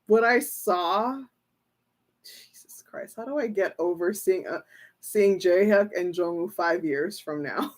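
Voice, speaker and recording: A young woman reading tarot on a casual livestream, excitable and laughing often between phrases. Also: lowish voice, measured pace. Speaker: tarot reader.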